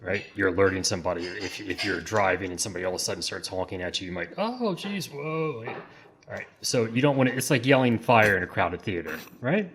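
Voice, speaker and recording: A man who is the legal correspondent on a comedy podcast, explaining the law in a measured way with hedging restarts. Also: low-pitched, a bit bright. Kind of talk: casual comedic podcast chat.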